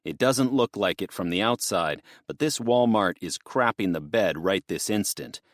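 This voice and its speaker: A man's voice: lowish voice, animated, moderate pace, no room sound, clean studio sound, close to an everyday voice. A man doing a firm ex-Marine trucker. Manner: clipped military command voice. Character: middle-aged ex-Marine trucker, calm and firm.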